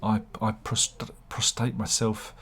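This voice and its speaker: A man talks to camera with a husky, slightly low voice. He rambles in a sardonic, self-mocking way and often stops to restart his sentences. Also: monotone, slow pace, fairly bright tone. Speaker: YouTuber.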